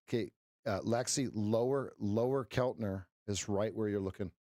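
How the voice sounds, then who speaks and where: A man's voice: on the low side, normal speed, dark tone, no echo, studio quality. A middle-aged man hosting a live trading stream, chatting casually with viewers, joking and giving folksy pep talks. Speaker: livestream trading host. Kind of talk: casual livestream chat with viewers.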